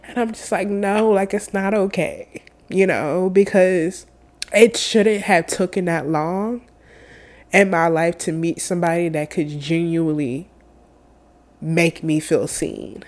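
A young woman telling a personal story in an earnest, halting way, tearful and full of fillers. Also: lowish voice, fairly even intonation.

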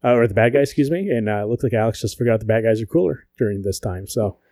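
This podcast co-host speaks rapid-fire in a low-leaning male voice, with no room sound. His casual talk mixes swearing and jokes with animated storytelling.

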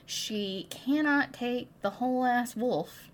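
A woman's voice: on the high side, slow pace. A woman co-hosting a casual book podcast, retelling the plot with swearing and dramatic flair. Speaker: podcast co-host. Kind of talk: casual book-club chat.

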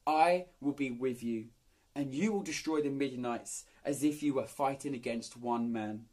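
A man voicing God as a calm, unhurried, reassuring presence, speaking slowly and solemnly. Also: medium pitch, pitched below the performer's own voice, close to an everyday voice. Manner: slow, soothing, solemn.

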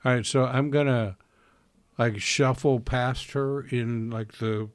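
A man's voice: mid-range voice, fairly even intonation, slow, no room sound. Casual rambling male player. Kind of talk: tabletop game chat.

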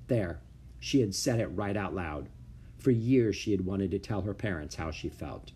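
Husky male children's-book reader. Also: low-pitched, normal speed. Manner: expressive storytelling. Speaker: narrator. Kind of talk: reading a children's book aloud.

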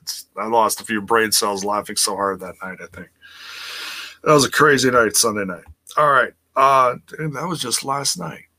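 A man's voice: mid-range voice, moderate pace, pushed and bright. A man hosting a casual wrestling live stream, reading chat messages and rambling with repeated words and easy laughter.

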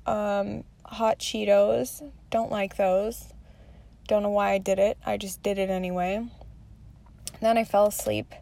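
A woman in her thirties, a mother, rambles through her day in a candid, confessional vlog and swears freely. Her medium-pitched voice has vocal fry and a darkish tone.

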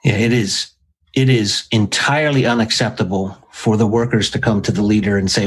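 A man's voice: on the low side, steady tone, a little fast, breathy edge, rough recording. A man, a podcast guest, explaining his views emphatically in casual chat.

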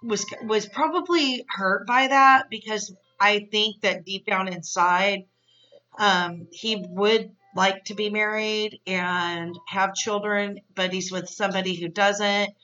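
A woman's voice: mid-range voice, fairly even intonation, slow pace, pushed and bright, distant mic, muffled recording, soft background music. A woman podcast host giving a casual, chatty, opinionated episode recap. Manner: chatty and opinionated, many fillers.

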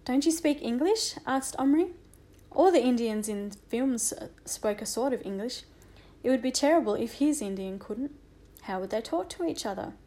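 A woman narrating a children's audiobook with a lively, expressive reading. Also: a little high, moderate pace.

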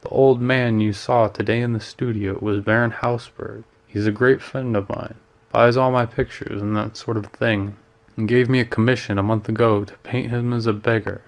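A man's voice: medium pitch, steady tone, moderate pace, natural voice. A man reading the part of a witty, worldly male painter who teases his friend and slips in French phrases. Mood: amused. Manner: breezy, teasing, lightly sprinkles French phrases.

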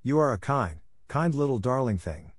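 A man voicing a shy, well-bred poor young girl in a storybook reading, speaking politely and gently. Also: medium pitch, big pitch swings, normal speed, slightly rough, no room sound, clean studio sound, pitched above the performer's own voice. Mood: grateful.

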